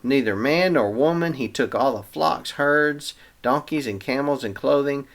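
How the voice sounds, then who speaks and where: A man's voice: mid-range voice, measured pace. Chatty man retelling Bible stories. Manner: chatty, paraphrases scripture in slang. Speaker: Bible reading show host.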